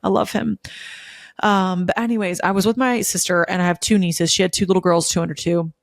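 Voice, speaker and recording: A woman in her thirties chats on her podcast in a gushing, emotional way, with plenty of "like" and "um" along the way. Her voice sits a little low for a woman. The sound is close and dry, with no room around it. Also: fairly even intonation, brisk, creaky, no echo. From Memphis, USA. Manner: gushing, emotional, chatty with many fillers. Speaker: podcast host. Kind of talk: casual chat.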